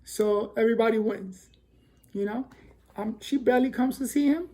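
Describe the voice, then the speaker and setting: A man telling a personal story casually, acting out the dialogue with lively quoted lines. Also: very high-pitched, moderate pace. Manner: animated, acts out quoted dialogue.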